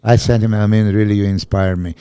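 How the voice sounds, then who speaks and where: A man co-hosting a casual podcast chat as a bodybuilding coach, talking haltingly with many restarts and fillers. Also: fairly low pitch, steady tone, mellow, clear, resonant tone, no echo.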